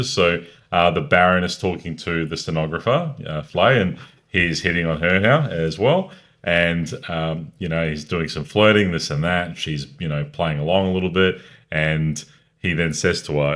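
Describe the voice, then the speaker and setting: A man's voice: deep voice, fairly bright tone. A man co-hosting a casual film review podcast, easygoing with dry teasing. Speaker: podcast co-host.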